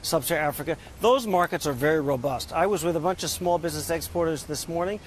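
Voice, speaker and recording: A man with a somewhat high voice answers interview questions in an upbeat way, pausing on "uh" as he reels off figures. There is faint street noise behind him. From United States. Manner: upbeat, talks in figures, frequent "uh" fillers. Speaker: export bank chairman, interview guest.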